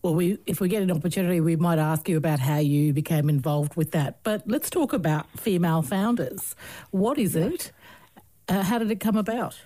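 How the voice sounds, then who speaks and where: Low-voiced female radio host. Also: normal speed, dark tone. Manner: conversational, asks questions. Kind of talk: radio interview.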